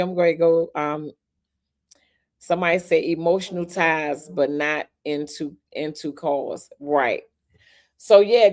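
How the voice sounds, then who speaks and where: Low-voiced woman hosting a live chat. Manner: laughing, animated, talks straight to viewers. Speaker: podcast host. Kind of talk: casual live-stream chat.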